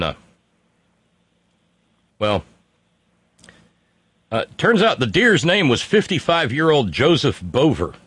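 A man co-hosting a talk show with a mid-pitched voice, heavy on sarcasm as he spins a news story. He breaks into mocking put-on voices now and then. The sound is dry and close, with no room around it. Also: fairly bright tone, husky, dry recording. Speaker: co-host. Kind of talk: sardonic political banter.

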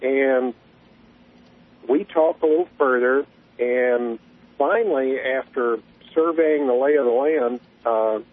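Man telling a story by phone. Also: mid-range voice. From Southern US. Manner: folksy, unhurried storyteller. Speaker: caller. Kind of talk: radio call-in storytelling. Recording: tinny phone line.

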